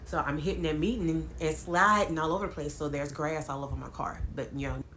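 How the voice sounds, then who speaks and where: A woman's voice: deep voice, a little fast, slight background noise. A woman vlogger, casually telling her viewers a dramatic story, with lots of laughs. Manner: animated, dramatic retelling with laughs.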